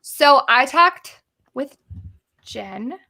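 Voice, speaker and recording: Bright, gravelly-voiced chatty woman. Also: high-pitched, expressive. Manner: chatty, giggly, quick to tease. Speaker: podcast co-host. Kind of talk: casual chat.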